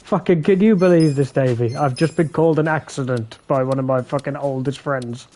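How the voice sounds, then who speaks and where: A man's voice: medium pitch, brisk, darkish tone, slight background noise. Sweary man streaming a game. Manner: sweary, bickering banter with chat. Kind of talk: casual live game commentary. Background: game music.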